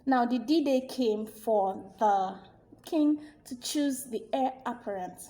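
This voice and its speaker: Expressive woman storyteller, fairly high, mellow voice. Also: slow pace. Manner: animated, expressive. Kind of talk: storytelling narration.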